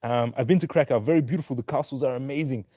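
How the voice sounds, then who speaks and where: A man's voice: mid-range voice, quick pace, warm tone, no echo. A young man hosting a casual stock market livestream, upbeat as he greets viewers by name and place one after another.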